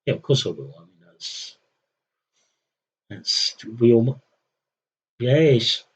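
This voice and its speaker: Husky man, wry stream chat. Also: medium pitch, sing-song, slow. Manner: wry, self-mocking, chatting to himself. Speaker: game streamer. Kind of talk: rambling live-stream commentary.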